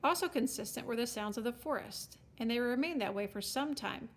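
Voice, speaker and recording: A woman reading a storybook aloud, with wry, expressive scripted narration. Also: a little high, fairly quick. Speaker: audiobook narrator.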